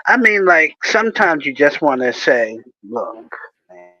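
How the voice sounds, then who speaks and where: A man hosting a casual chat, telling stories with animated flair and frequent laughter. His voice is fairly high and very bright, with lively swings in pitch. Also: moderate pace, highs cut off. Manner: animated storytelling, laughs often.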